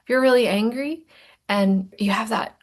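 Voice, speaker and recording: A woman with a voice on the high side coaches through a recorded lesson on emotions at normal speed. She's playful and self-mocking, now and then dropping to a soft whisper for emphasis.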